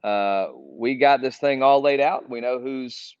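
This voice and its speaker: A man's voice: medium pitch, measured pace, a little mellow, clean tone, no room sound. A man leading a casual group Bible study, talking earnestly and reading scripture aloud. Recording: dull, dry lo-fi recording.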